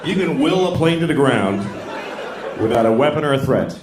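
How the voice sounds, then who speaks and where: A man doing a stand-up comedy set, telling stories deadpan and breaking into loud acted-out voices. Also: medium pitch, normal speed, noisy background. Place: theater stage before a laughing audience. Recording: roomy live venue with crowd laughter.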